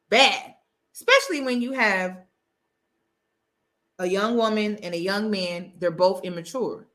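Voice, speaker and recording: A woman hosts a casual talk show and speaks directly to her audience. Her voice is bright and sharp, and she drives her points home by repeating them. Her delivery stays emphatic and conversational. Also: medium pitch. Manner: emphatic, repeats key phrases. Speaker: host. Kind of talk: casual commentary to camera.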